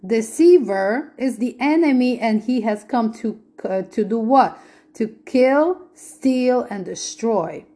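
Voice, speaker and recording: A woman's voice: on the high side, lively intonation, slow, dark tone. A woman giving a podcast Bible teaching in an earnest way, repeating her points and asking rhetorical questions.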